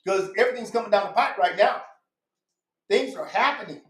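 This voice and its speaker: A man's voice: high voice, lively intonation, brisk, fairly bright tone. A man guest on a podcast, speaking in an emphatic, insistent way and repeating his points. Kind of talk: casual podcast conversation. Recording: echoey room.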